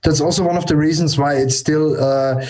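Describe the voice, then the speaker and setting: A man's voice: fairly high pitch, steady tone, moderate pace, darkish tone. Male guest, English speaker from Austria, hesitant and thoughtful. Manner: hesitant, with frequent fillers. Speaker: guest, journal editor. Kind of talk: conversational interview answers.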